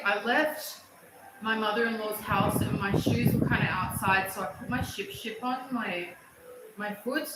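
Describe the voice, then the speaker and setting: A middle-aged woman from Australia, telling stories in a casual livestream chat, animated and prone to loud excited bursts. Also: medium pitch, unhurried. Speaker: livestream host. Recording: echoey room with loud noise.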